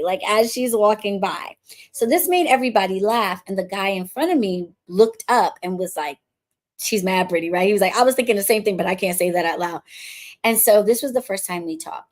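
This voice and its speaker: A woman's voice: mid-range voice, a little fast. A woman from the Bronx, a witchcraft coach and podcast host, telling a casual story in a chatty way and acting out what people said. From the Bronx, New York. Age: adult, married since before 2020. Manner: chatty, animated, acts out quoted dialogue.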